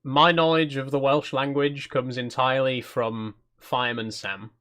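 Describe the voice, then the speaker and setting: A man's voice: mid-range voice, little pitch movement, moderate pace, bright, forceful tone. Easygoing male cozy-game channel host. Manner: easygoing, self-conscious, chatty with viewers. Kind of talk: casual gameplay commentary.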